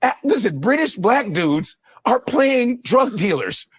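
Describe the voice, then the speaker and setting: A comedian guest in casual chat, talking in an animated, profane way. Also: male voice, very high voice, a little slow, husky, no echo. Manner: animated, profane, slips into mock voices.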